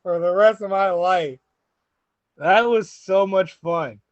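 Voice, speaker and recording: This is a young man telling drinking stories on a casual podcast. His voice is high for a man, and he keeps acting out the people in his stories. The recording is dry and slightly dull. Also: slow, no room sound. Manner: animated storyteller, laughs often, quotes people. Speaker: podcast host.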